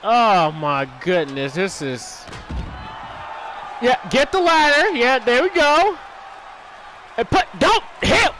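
A man hosting a gaming channel, giving casual commentary on a wrestling game, exasperated, shouting at the screen and swearing. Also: very high voice, sing-song, slow, pauses often. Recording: game audio with loud crowd noise. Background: video game crowd noise.

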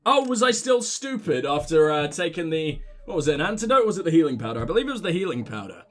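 A man hosting a let's play, giving excitable, jokey commentary and swearing freely. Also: a little high, quick pace, soft background music. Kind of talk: casual gameplay commentary.

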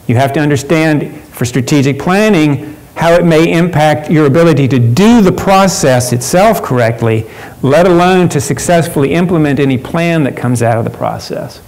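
A man's voice: fairly high pitch, moderate pace, darkish tone, rough recording. A man presenting a workshop at a professional conference, talking conversationally with frequent fillers and restarts.

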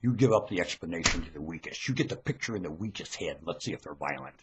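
A man delivering a preachy, ranting monologue into a webcam microphone, lurching between muttering and shouting. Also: low voice, lively intonation, fast, slight background noise.

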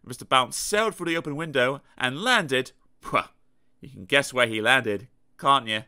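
A man reading a children's storybook aloud in a lively, playful way, with sound effects. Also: medium pitch, moderate pace, clear, resonant tone. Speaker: audiobook narrator.

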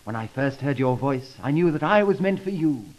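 A man's voice: medium pitch, expressive, moderate pace, a little mellow, natural voice, low-quality recording. A man playing a lovesick young man-about-town in a 1930s comedy sketch, talking in a gushing, theatrical way on an old record.

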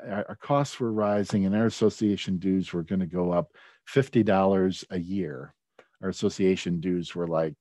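A man's voice: deep voice, darkish tone, no room sound. A middle-aged man telling a personal story in a conversational way, with many fillers and restarts. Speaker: speaker at a leadership talk.

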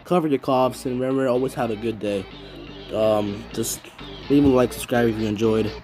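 A man's voice: medium pitch, normal speed, music in the background. A man giving rambling, profane casual commentary on a video. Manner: rambling, heavy swearing, trailing restarts. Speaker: YouTube commentator.

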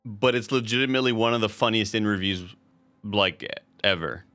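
A man's voice: on the low side, normal speed, sharp tone, dry recording, faint music behind. A man streaming a video game, chatting casually to his viewers, swearing freely and laughing often. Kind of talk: casual gameplay commentary.

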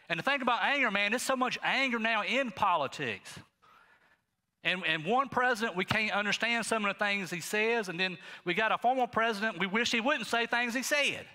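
Animated high-voiced male pastor preaching. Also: normal speed, in a large hall. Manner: folksy, animated preaching with asides to the congregation. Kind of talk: sermon. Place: church sanctuary.

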